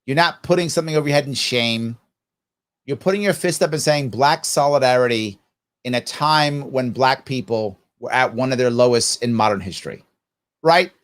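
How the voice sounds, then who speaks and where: A middle-aged man with a mid-range voice, speaking at a moderate pace, hosts a live political commentary show. Animated and argumentative, he fires off rhetorical questions and acts out the voices of people he quotes in the middle of his rant.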